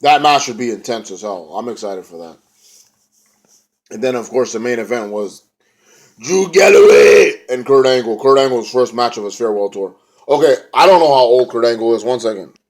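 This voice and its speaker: A young man in a mid-range voice recaps a wrestling show a little fast. It's a casual, rambling retelling in slang, with the occasional impression of the wrestlers.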